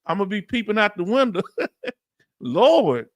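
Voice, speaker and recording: A man's voice: high-pitched, moderate pace, a bit bright, dry recording, clean studio sound. A middle-aged man with a Southern accent hosting a live Q&A stream, talking casually, reading out chat comments and often laughing. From United States. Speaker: livestream host. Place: Texas.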